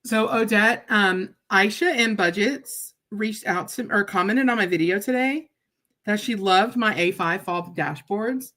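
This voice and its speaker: A woman's voice: mid-range voice, measured pace, bright, forceful tone. A woman chatting on a live stream while she cuts paper crafts, blunt and joking, often laughing and tagging her sentences with "right?".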